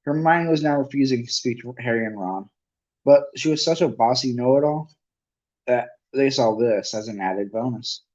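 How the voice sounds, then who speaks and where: A man's voice: medium pitch, normal speed, darkish tone, muffled recording. A man reading a novel aloud as an amateur narrator, often stumbling and correcting himself. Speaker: amateur audiobook reader.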